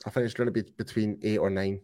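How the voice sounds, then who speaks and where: A man's voice: fairly low pitch, fairly even intonation, quick pace, dark tone. A man in a casual sports chat, often repeating words as he starts a thought.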